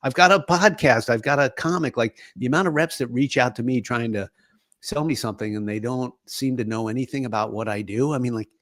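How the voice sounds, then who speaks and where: A middle-aged man co-hosting a podcast, telling stories in a relaxed, casual chat and laughing often. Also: mid-range voice, fairly quick, dry recording, studio quality. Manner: laughing storyteller. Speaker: podcast co-host.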